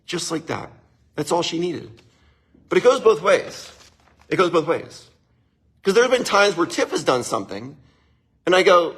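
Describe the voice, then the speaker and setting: A man with a slightly high, husky voice gives casual advice to a live audience. His delivery swings widely in pitch and is broken by frequent chuckles. He keeps checking in with his listeners. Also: animated, moderate pace, pauses often. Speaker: livestream host giving marriage advice.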